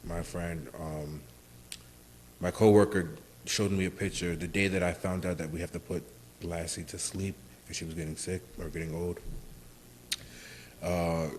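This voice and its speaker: A man co-hosting a podcast, telling stories in a relaxed, casual way with lots of fillers. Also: deep voice, moderate pace, long pauses, slight background noise, poor audio. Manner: relaxed storytelling, many fillers. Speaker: podcast co-host. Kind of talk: casual chat.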